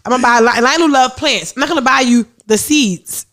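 A woman's voice: sits high, brisk, fairly bright tone. A woman hosting a podcast in casual chat, blunt and profane, laughing often. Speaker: podcast host.

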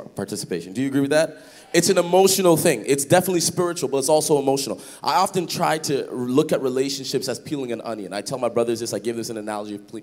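A man hosting a church panel in a playful, animated way, drawing in the audience. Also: a little high. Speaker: host, panel moderator. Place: large church hall. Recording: hall reverb.

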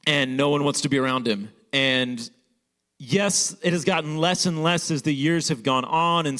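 A man's voice: fairly high pitch, fairly bright tone. A young man preaching a sermon as pastor, in a casual storytelling manner with many fillers.

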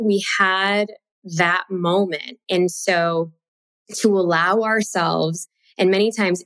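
Animated woman telling a story. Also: medium pitch, no room sound. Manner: expressive, laughs mid-sentence. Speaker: guest author.

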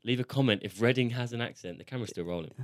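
A man's voice: medium pitch, racing, no echo. A young man co-hosting a podcast, chatting casually, laughing often and swearing freely. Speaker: podcast co-host. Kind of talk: casual chat.

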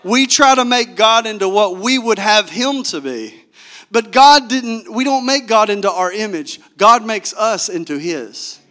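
A man's voice: sits high, animated, a little slow, bright, forceful tone. A male pastor preaching a sermon, telling the story with animation and asking the congregation direct questions.

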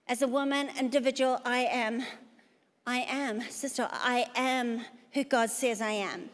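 A woman, preaching a sermon emphatically and calling out to the audience. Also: high voice. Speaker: pastor. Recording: long reverb of a large hall.

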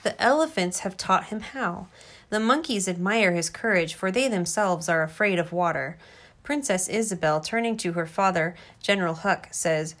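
A woman reading a storybook aloud to her child, gentle and expressive. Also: lowish voice, normal speed.

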